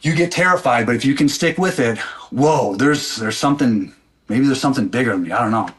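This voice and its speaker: A man's voice: medium pitch, lively intonation, a little fast. Intense, blunt-talking man guest. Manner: intense, blunt, swears freely. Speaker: podcast guest. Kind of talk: candid personal storytelling.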